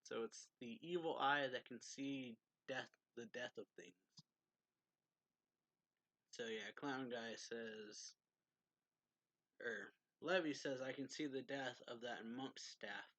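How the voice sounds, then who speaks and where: A man's voice: medium pitch, a bit bright, no room sound. A man giving a casual, rambling recap of a manga chapter, full of "like" and self-corrections. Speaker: manga reviewer.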